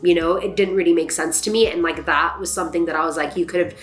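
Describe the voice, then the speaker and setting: A young adult woman vlogger chatting casually about films, animated and swearing freely. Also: fairly low pitch, fast talker. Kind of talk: casual reaction chat. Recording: echoey room.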